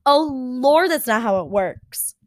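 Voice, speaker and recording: A woman in her twenties telling a story in an animated, exasperated way. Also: high voice, slow, no room sound. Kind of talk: storytime vlog.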